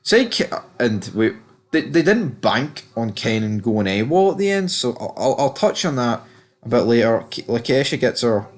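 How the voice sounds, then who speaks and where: A man's voice: medium pitch, big pitch swings, moderate pace. A man giving a casual spoken recap of a TV episode, blunt and candid, swearing freely and talking loosely with plenty of fillers. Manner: loose and chatty, many fillers. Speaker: TV episode reviewer.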